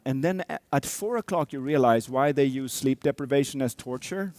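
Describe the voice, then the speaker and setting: A man's voice: medium pitch, moderate pace, a little mellow, dry recording. A man in his thirties, a coach, telling a personal story to an audience, acting out sounds and quotes. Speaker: speaker, coach.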